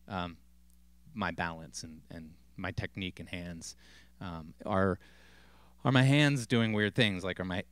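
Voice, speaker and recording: A man giving a casual drum lesson, relaxed and thinking aloud with frequent ums and restarts. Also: low-pitched, smooth, no room sound. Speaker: drum teacher. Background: loud drum kit playing.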